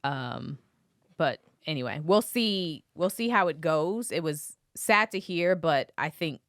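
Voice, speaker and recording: Low-voiced woman talking legal news. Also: animated, takes it slowly, no echo, clean studio sound. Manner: conversational, thinks aloud with fillers. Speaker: podcast host. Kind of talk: casual legal commentary.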